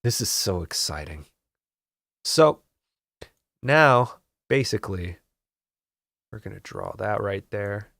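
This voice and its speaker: A man's voice: on the low side, animated, slow pace, creaky, pauses often, fairly bright tone, dry recording. A man hosting a casual comedic art tutorial, rambling and mock-serious, swearing in frustration at his equipment.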